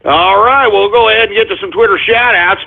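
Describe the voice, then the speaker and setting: A man hosting a talk radio show, ranting in a profane, exasperated way and breaking into sudden shouts. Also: sits high, brisk, gravelly, noisy background. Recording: tinny phone-line sound.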